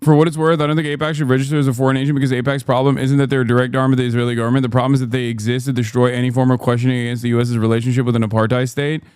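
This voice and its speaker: A man's voice: mid-range voice, little pitch movement, very fast, few pauses, darkish tone, smooth, no echo, studio quality. A man giving casual livestream commentary on a debate clip, sarcastic and heated, swearing and laughing often. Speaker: streamer reacting to a debate clip.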